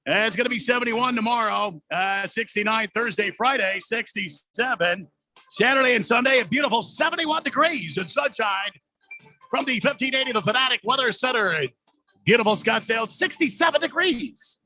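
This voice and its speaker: Man playing pompous weatherman, high gravelly voice, bright sharp tone, hammy announcer delivery. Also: expressive, moderate pace, soft background music, heavily acted. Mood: grandiose. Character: blustery adult male TV weatherman, pompous. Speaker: co-host.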